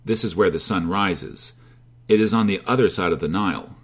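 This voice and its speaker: A man with a low, husky voice voicing a helpful merchant, speaking slowly and deliberately. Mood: earnest.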